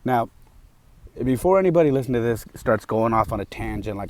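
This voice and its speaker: A man's voice: on the low side, animated, fairly quick, darkish tone, a little hiss or hum. A man hosting a podcast, telling a story in a casual, emphatic monologue full of fillers. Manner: emphatic, heated, with frequent fillers. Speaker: podcast host.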